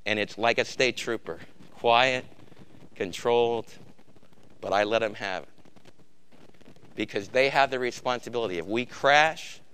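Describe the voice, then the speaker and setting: A middle-aged man preaching to his congregation in a bright, ringing voice that stays clear and smooth. He swings between loud, emphatic bursts and quiet, intense stretches. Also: mid-range voice, a little slow, pauses often. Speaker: pastor. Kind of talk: sermon.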